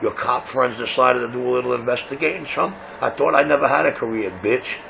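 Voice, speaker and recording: Boastful gravelly man on CB radio. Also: medium pitch, steady tone, brisk. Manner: boastful, taunting. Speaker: CB radio shop owner. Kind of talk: CB radio banter. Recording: muffled CB radio audio with faint hiss.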